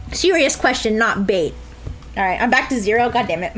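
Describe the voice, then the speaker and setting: A woman's voice: on the high side, a bit bright, rough recording. A young woman streaming a game live, chatting to viewers with crude jokes and frequent laughter, sometimes slipping into mock sobbing. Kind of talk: live-stream gameplay commentary.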